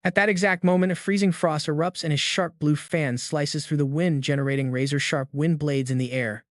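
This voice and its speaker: A man giving scripted, dramatic narration as he recaps a comic story in a steady storytelling voice. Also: a little high, fairly quick, no echo, studio quality.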